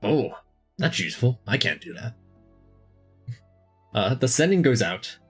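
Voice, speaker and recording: A man running a tabletop game as dungeon master, talking in a relaxed, rambling way with many fillers. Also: medium pitch, measured pace, soft background music.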